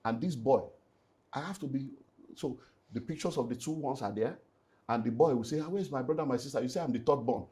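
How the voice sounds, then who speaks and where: Speaking fairly quickly, a middle-aged pastor and relationship speaker with a Nigerian accent shares a painful story from his own life during an interview. His pitch is ordinary. Earnest and lively, he drifts into Pidgin now and then.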